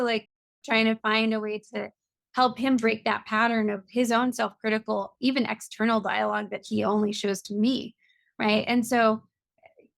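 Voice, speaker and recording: A woman's voice: medium pitch, vocal fry, no room sound. A middle-aged woman, a compassion coach, explaining earnestly in a podcast interview. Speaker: guest, compassion coach and author.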